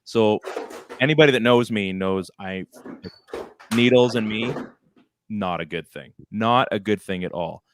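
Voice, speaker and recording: A man's voice: on the low side, measured pace, long pauses, slight background noise. A man co-hosting a podcast, telling a rambling, self-deprecating story in casual chat on a close microphone. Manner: animated, rambling anecdote with self-deprecating laughs. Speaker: podcast co-host. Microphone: close studio microphone.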